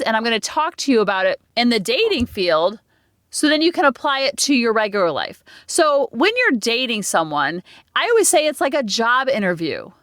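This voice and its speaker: Chatty middle-aged woman podcast host, animated delivery, dry close mic. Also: high-pitched, dry recording. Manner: chatty, self-deprecating, dramatizes old stories with quoted voices. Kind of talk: casual solo podcast monologue.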